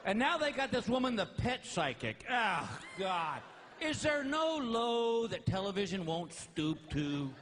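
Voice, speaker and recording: Man, stand-up comedian, animated storytelling, exasperated outbursts, high pitch. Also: unhurried, slight background noise.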